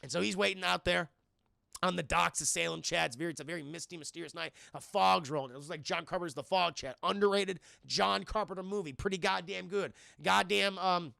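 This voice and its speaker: Excitable gravelly film reviewer man. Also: sits high, brisk, no echo, clean studio sound. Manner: excitable, keeps addressing chat, swears. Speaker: film reviewer streaming to chat. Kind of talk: casual livestream film recap.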